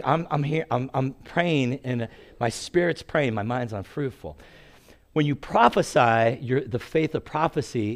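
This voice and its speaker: A man in his sixties preaching a sermon in a storytelling way, acting out quotes and laughing at his own stories. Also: medium pitch.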